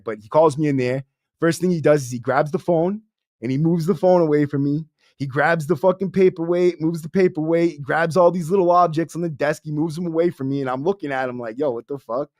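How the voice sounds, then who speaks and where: A young man spins a story in slangy, profane street talk, calling everyone "bro." His voice sits a little high for a man. The sound is dry and close, with no room around it. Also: brisk, a little mellow, no room sound. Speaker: podcast host. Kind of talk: casual storytelling to a livestream audience.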